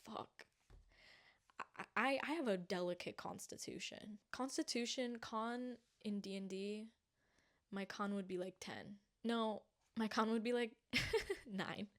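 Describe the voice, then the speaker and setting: A young woman rambling excitably in a casual vlog, pleading and getting winded and lightheaded. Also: mid-range voice, measured pace. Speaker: vlogger. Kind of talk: casual monthly wrap-up vlog.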